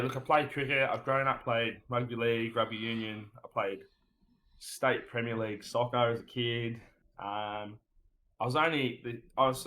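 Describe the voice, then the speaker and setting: A man's voice: medium pitch, a bit bright, rough recording. Laid-back Australian man telling stories. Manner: laid-back, rambling storyteller who says "mate" a lot. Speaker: guest. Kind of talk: casual podcast chat.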